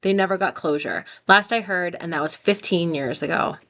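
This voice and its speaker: A woman's voice: on the low side, normal speed, fairly bright tone. A young woman hosting a story channel, reading posts aloud into her own microphone and reacting with chatty asides. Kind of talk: reading stories aloud with commentary.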